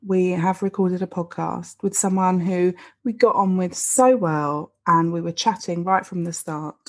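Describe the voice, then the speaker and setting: Husky woman introducing a podcast. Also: on the low side, steady tone, unhurried. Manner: chatty, self-deprecating, informal. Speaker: podcast co-host.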